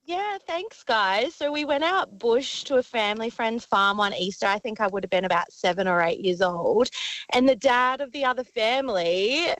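A woman calling in to radio, telling a childhood story in an animated way. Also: fairly high pitch, moderate pace, no echo, low-quality recording. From Australia. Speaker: caller.

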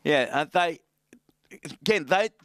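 Teasing radio sports host. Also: male voice, on the high side, slow pace, no echo, studio quality. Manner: playful, teasing, animated. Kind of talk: rugby league radio discussion.

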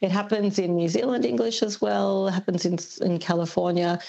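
An Australian woman, a linguist guest, explaining things thoughtfully on a radio interview, pausing often with ums. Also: medium pitch, fairly even intonation, creaky, mellow, lo-fi sound. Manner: thoughtful, hesitant with many ums.

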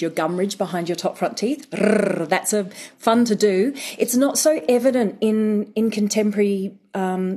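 A woman's voice: mid-range voice, darkish tone. A woman dialect coach explaining methodically in a radio interview, with some ums. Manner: methodical, explaining in lists with fillers.

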